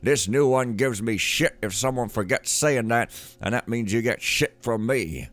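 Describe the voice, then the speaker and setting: A man's voice: medium pitch, normal speed, a bit bright, pitched above the performer's own voice, natural voice. A man reading out notes in the voice of a crooked male gang boss, coarse, bossy and threatening.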